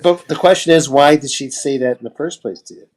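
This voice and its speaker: Mid-pitched man hosting a chat. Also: fairly quick. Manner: encouraging, lots of yeah and short replies. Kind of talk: casual chat.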